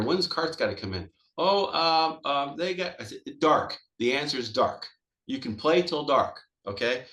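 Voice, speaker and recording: A man's voice: medium pitch, reverberant. A man who manages golf courses, talking casually in a webinar, rambling and acting out conversations. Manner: rambling and animated, acts out dialogue, says "man" often. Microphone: webinar call mic.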